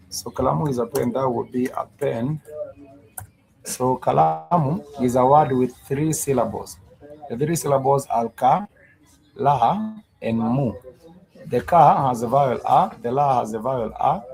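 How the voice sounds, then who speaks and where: Gravelly-voiced man teaching a language. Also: mid-range voice, darkish tone, low-quality recording. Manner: patient, repeats words and syllables slowly. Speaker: Swahili teacher. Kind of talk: live-streamed language lesson.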